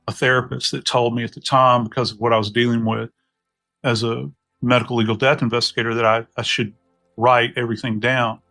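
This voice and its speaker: Gravelly Southern man telling stories. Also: mid-range voice, bright, forceful tone. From New Orleans, US South. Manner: unhurried, folksy, many "you know" asides. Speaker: podcast guest, death investigator. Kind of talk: reflective storytelling conversation.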